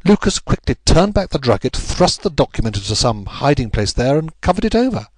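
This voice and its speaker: A man reading a classic story aloud, voicing a frightened noblewoman confessing a secret in a measured, earnest way. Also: medium pitch, sing-song, dry recording.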